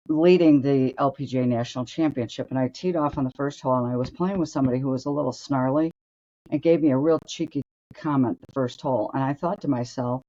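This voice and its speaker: An older woman who co-hosts a show and once played as a tour golfer tells blunt, brash stories, animatedly acting out the voices of the people in them. Her voice is low and warm, and the sound is lo-fi.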